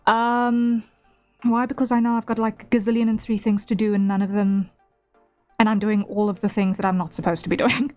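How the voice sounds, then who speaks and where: A woman's voice: medium pitch, little pitch movement, fairly quick, a little mellow. A woman with a South African accent blended with British, chatting casually on a livestream while she draws, laughing often and making self-deprecating asides. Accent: South African mixed with British. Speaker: artist streamer. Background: faint background music.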